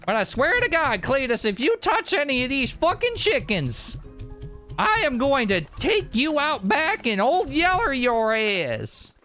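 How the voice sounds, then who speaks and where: Man doing a high hollering rancher voice, foul-mouthed, rowdy, lively swoops. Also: unhurried, faint music behind, heavily acted. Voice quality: high-pitched, hollering, swears a lot.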